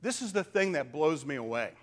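A man preaching a sermon as a pastor, swinging from hushed whispers to loud, emphatic declarations. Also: a little high, big pitch swings, brisk. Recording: long reverb of a large hall.

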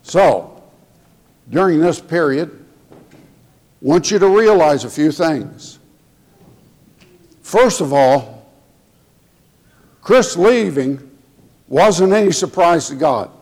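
A man delivers a heartfelt sermon at an unhurried, deliberate pace, his voice a touch higher than most. He speaks with tender emotion to his congregation. The sound carries a long echo through the church hall. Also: animated, a little mellow. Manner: slow, emotional, tender preaching. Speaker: preacher. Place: church sanctuary.

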